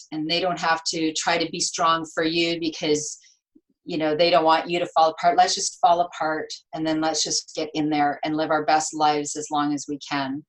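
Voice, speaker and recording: A woman's voice: sits low, poor audio. A woman in her fifties, a nurse and author, speaking earnestly as an interview guest and acting out the things people say. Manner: earnest, expressive, acts out quoted dialogue. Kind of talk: interview conversation.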